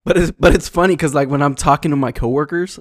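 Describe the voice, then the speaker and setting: A young man co-hosting a podcast in a relaxed, rambling chat. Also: a little high, fast, no room sound, clean studio sound. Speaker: podcast co-host. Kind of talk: casual chat.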